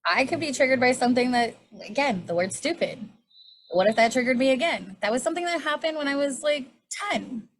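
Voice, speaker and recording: A woman in her 40s leads a healing class on triggers in a high-pitched, expressive voice at a brisk clip. Candid and chatty, she discloses personal things and often tacks on a rhetorical "right?"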